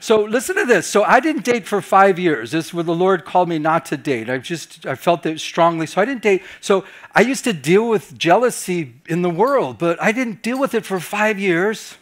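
A middle-aged man, a pastor, telling a personal story during a Bible study, acting out his own reactions with lively swings between loud and soft. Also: sits high, normal speed, hardly any pauses.

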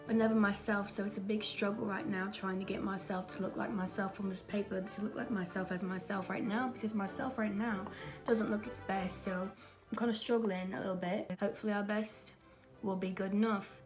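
A prim female artist who thinks a lot of her own work, as a woman puts her on. She speaks in an affected British accent with a self-important air. Music plays clearly underneath. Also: medium pitch, steady tone, a little fast, lightly acted. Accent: British, put on.

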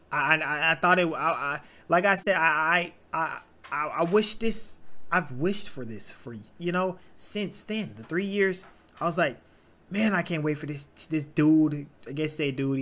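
A young man hosting a sports reaction video, ranting casually with profanity, stammering restarts and repeated phrases. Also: fairly high pitch. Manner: animated, repetitive, stammering, profane. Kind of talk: casual rant.

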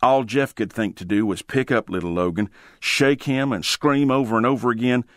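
A man's voice: mid-range voice, no room sound, clean studio sound. A man narrating a first-person ghost story in a dramatic storytelling manner. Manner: dramatic, drawn-out storytelling with sudden shouted quotes.

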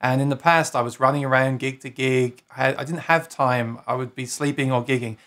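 A man's voice: mid-range voice, fairly even intonation, a little fast, fairly bright tone. A man from New York City hosting a casual live-stream interview, chatty and enthusiastic, greeting viewers as he goes. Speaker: host.

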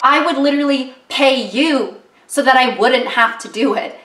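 A woman's voice: high-pitched, normal speed, fairly bright tone, recorded from a distance. A young woman chatting casually while she cooks in her home kitchen, rambling and joking with many fillers. There is no separate microphone. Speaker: vlogger. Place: home kitchen, cooking at the stove. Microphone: camera mic, no separate microphone. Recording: roomy, off-mic kitchen with stove sizzle.

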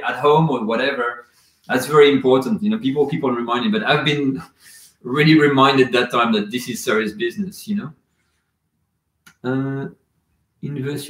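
A man's voice: medium pitch, roomy sound. Rambling man hosting a live chat. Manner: casual, rambling, reads chat comments aloud. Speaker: cooking channel host.

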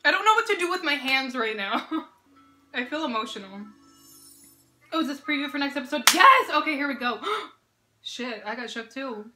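A young woman hosting a casual reaction vlog, gushing and excitable, laughing often and swearing freely. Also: sits high, moderate pace, long pauses, soft background music. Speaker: reaction video host.

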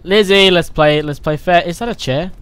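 A man giving loud, excitable, profane let's-play commentary while playing a survival horror game. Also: high voice, normal speed, smooth. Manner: excitable, profane, yelling reactions. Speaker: gaming channel host.

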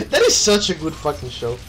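A young man co-hosting a let's play, talking casually with lots of swearing and quick laughs. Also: on the high side. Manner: swearing, animated, laughs often. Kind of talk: casual gaming chat.

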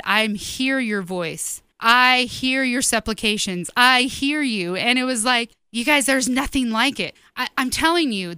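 Woman host, high clear voice, earnest testimony preaching, dry close sound. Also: pushed and bright, no room sound. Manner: earnest, emphatic, direct address to listeners. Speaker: ministry host. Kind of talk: personal testimony sermon.

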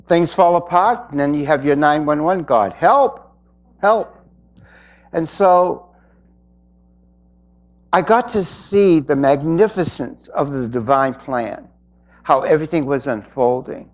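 Slow-spoken earnest man giving a spiritual talk. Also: a little high. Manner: earnest and reflective, with pauses. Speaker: spiritual speaker. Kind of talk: inspirational talk to an audience.

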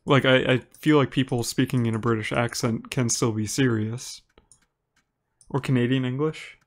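A live streamer from Minnesota speaks at a medium pitch and normal speed while commenting on his gameplay and reading chat aloud. He has a chatty Upper Midwest American style, relaxed and quick to laugh. He talks to his viewers by name.

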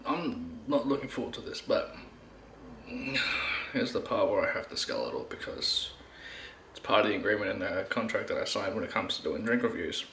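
A man's voice: fairly low pitch, lively intonation, normal speed, fairly bright tone. A man reviewing a drink in a casual vlog, blunt and swearing, groaning and sighing, out of breath. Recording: echoey room, faint background noise.

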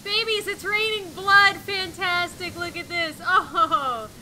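A young woman commentating a game she plays, swinging between quiet sad musing and shrieking panic. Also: very high-pitched, fairly even intonation, takes it slowly, slight background noise. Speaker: gaming YouTuber. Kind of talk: let's play commentary. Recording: game music playing underneath.

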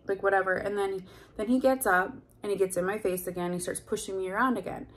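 A woman's voice: mid-range voice, steady tone, a little fast. A woman telling a personal story in a confessional vlog, candid and heated, full of fillers and blunt swearing. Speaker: vlogger.

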